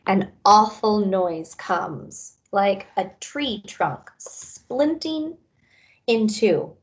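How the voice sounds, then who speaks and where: A woman reading a children's novel aloud, raising her pitch and energy for the characters' lines. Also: very animated, very slow. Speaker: reader. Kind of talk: audiobook-style read-aloud.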